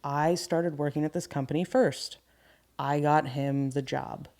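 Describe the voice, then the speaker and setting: Candid woman in her thirties, podcast guest, animated work stories. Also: sits low, a little slow. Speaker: guest, carpentry business owner. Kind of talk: casual podcast storytelling.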